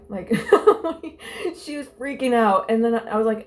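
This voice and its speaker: A woman's voice: on the high side, unhurried, darkish tone. A young woman telling stories and reading her old journal aloud in a casual vlog. She is candid and self-mocking, and her talk rambles with lots of "like" fillers. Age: young adult. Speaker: vlogger.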